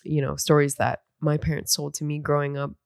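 A woman's voice: low-pitched, flat delivery, fairly quick, gravelly, a little mellow, dry recording, clean studio sound. A young mother speaking earnestly and encouragingly about raising her baby with cultural traditions. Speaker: mother sharing parenting traditions. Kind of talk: reflective talk.

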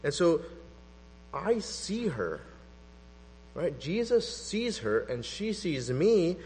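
A man preaching a sermon in an animated, conversational way, acting out quotes as he goes. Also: fairly high pitch, slow. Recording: long hall reverb with mains hum.

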